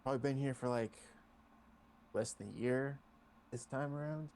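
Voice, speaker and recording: A man playing a character in a tabletop game, talking in a relaxed, halting way. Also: mid-range voice, slight background noise. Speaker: player.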